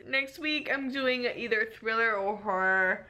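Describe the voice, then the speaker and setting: A young woman talks straight to camera in a relaxed vlog, chatty and gushing with quick asides. Her voice sits a little high for a woman. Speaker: book vlogger. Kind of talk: casual vlog chat.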